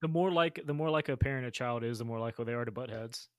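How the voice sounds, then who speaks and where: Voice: medium pitch, quick pace, a crowd in the background. A podcast host speaking in a thoughtful, supportive, conversational way. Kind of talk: conversational interview.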